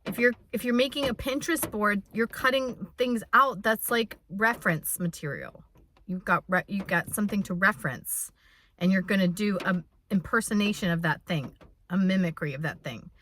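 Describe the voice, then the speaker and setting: Bright-voiced woman in her fifties rambling. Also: mid-range voice, normal speed, slight background noise. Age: 50s. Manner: rambling and heartfelt, many restarts. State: close to tears. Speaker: vlogger. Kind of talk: unscripted personal vlog. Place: in her truck on a rainy day.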